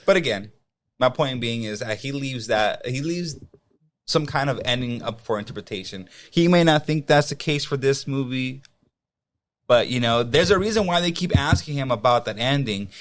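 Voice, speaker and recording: A man's voice: mid-range voice, moderate pace. A man with a mid-range voice, talking in an easygoing way as a podcast co-host. He leans on casual fillers and loose phrasing as he works through his thoughts. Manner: relaxed, many "like" and "you know" fillers. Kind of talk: casual movie-ranking chat.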